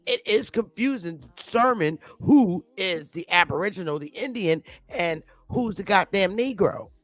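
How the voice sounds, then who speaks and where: A woman's voice: mid-range voice, expressive, moderate pace, dry recording. A woman ranting in an unscripted opinion monologue, blunt and defiant, swearing heavily and repeating her points for emphasis. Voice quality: defiant, combative delivery. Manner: blunt, heavy profanity, emphatic repetition. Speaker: commentary vlogger.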